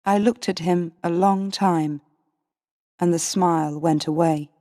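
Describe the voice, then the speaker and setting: A woman reads a storybook for English learners, slow and careful with each line. Her voice sits slightly low. A long reverb trails her words. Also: fairly even intonation, dark tone. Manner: slow, careful, clear reading. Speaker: narrator.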